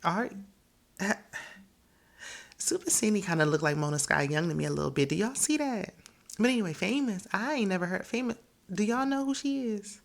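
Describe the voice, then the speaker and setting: A woman's voice: medium pitch, animated, moderate pace, vocal fry, long pauses. A woman casually recapping a reality show in an opinionated, chatty way, often laughing and quoting the cast.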